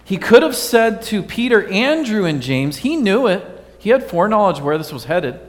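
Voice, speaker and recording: A man's voice: high voice, sing-song, moderate pace. A male pastor giving a conversational sermon, quizzing his congregation with a light, joking manner. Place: church sanctuary. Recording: long hall reverb.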